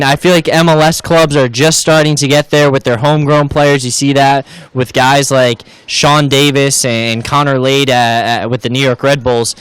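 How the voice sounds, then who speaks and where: A man giving color commentary on a live soccer match, speaking in a halting way with many fillers and restarts. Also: medium pitch, a bit bright, clean tone, dry recording.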